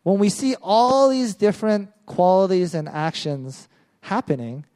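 A man preaches in a relaxed, conversational way, retelling a parable and asking questions he then answers himself. His voice is mellow and sits a little higher than most men's. He keeps checking in with his listeners by asking "right?". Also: measured pace. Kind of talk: casual sermon retelling a parable.

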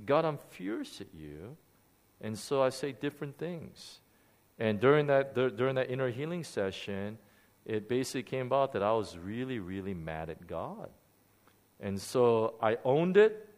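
A man's voice: mid-range voice, normal speed. A middle-aged man, a pastor, delivering a sermon as candid personal storytelling. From Korea. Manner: candid storytelling with lively swings.

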